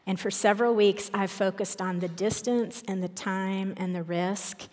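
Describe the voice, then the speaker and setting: Woman teaching bible study in a church, earnest and personal, mid pitch, echoey big hall. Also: moderate pace. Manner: earnest, personal and expressive, reads scripture aloud.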